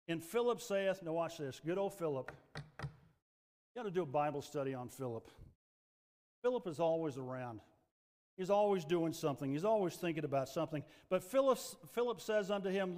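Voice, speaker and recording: A middle-aged male pastor delivers a fervent sermon in a slightly high voice. He swings between hushed, quiet lines and loud, rising passages. A long reverb from the church sanctuary trails after his words. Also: moderate pace.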